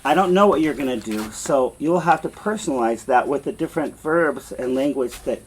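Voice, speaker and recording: A man teaching a beginner language lesson in a classroom, patiently repeating example phrases slowly. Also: medium pitch, animated, a little hiss or hum. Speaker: Spanish teacher.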